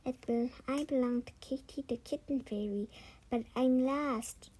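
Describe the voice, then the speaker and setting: Small talking kitten, lost and soft-spoken; a woman reads it. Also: high-pitched, measured pace, husky, voice pushed up. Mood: pleading.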